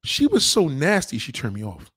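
A man hosts a casual streamed chat, rambling crudely in street slang. His voice is husky, and his pitch swings up and down a lot. The sound is dry and close, with no room echo. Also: wildly swooping pitch, normal speed, a bit bright. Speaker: host.

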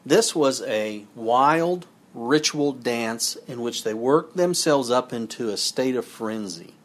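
A man's voice: mid-range voice, lively intonation, slow. A man giving a sermon, reading scripture passages aloud and then explaining them in a conversational way with asides to his listeners. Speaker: preacher.

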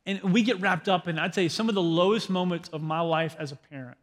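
Joking pastor preaching in a reverberant hall. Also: male voice, high voice, a little fast. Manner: conversational, asks the crowd questions, self-deprecating humor. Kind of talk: sermon.

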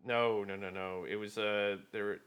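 Bright-voiced man searching for words. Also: fairly low pitch, fairly even intonation, normal speed, slight background noise. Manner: hesitant, gropes for words with ums. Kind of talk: casual chat.

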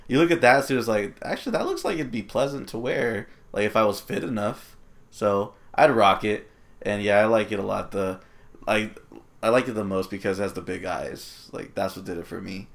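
A man's voice: on the low side, vocal fry. A man co-hosting a casual chat, laid-back and wisecracking, laughing often. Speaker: podcast co-host.

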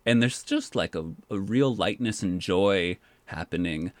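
A man who works as a park poet, telling stories in a casual, animated way and filling his speech with "like". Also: sits low, unhurried, no echo. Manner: animated, says "like" often. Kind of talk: casual storytelling.

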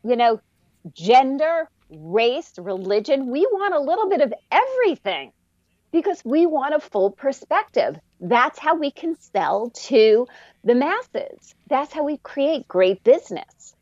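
A fairly high-voiced businesswoman answers earnestly, acting out the voices in her stories. The recording sounds dull and lo-fi, dry with no room echo. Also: very animated, unhurried, darkish tone. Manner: earnest, storytelling, acts out quotes. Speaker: guest, businesswoman. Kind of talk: interview answers.

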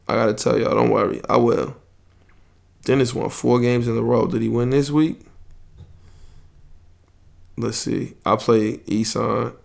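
A man's voice: medium pitch, gravelly, a bit bright. A young man, hosting a podcast and rambling loosely and profanely in casual sports chat. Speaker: podcast host.

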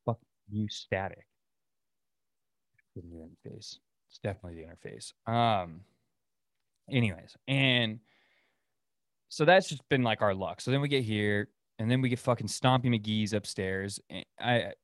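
A man's voice: fairly low pitch, moderate pace, pauses often, a bit bright, dry recording, clean studio sound. A young man from Oregon hosting a solo podcast, ranting in a profane, rambling way and laughing at his own stories. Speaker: podcast host. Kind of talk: casual solo rant.

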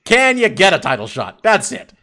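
A man's voice: high voice, huge pitch swings, moderate pace, sharp tone. A man co-hosting a casual sports podcast, ranting animatedly with lots of swearing and laughter. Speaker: podcast co-host.

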